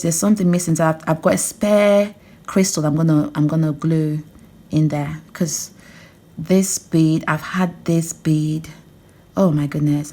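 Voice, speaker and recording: A jewellery designer talking casually through a beading tutorial, chatting to herself as she works and breaking into excited laughter. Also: low voice. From England. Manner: chatty, talks to herself while working, bursts into excited laughter.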